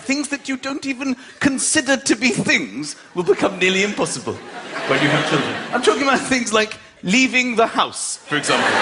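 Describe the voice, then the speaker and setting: High-voiced man, animated comic talk. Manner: animated, shouting comic impressions. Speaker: marriage counsellor speaker. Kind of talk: comic storytelling talk to an audience. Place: large room with a live audience. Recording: live talk, loud audience laughter and noise.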